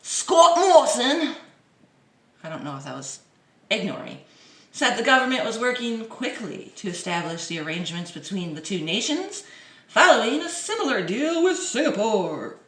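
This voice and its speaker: A woman's voice: mid-range voice, very animated, moderate pace, pushed and bright, recorded from a distance. A woman vlogger reads a news article aloud in a casual way, breaking off often for mocking, playful side remarks. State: dry throat. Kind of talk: casual reading with sarcastic asides. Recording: roomy echo.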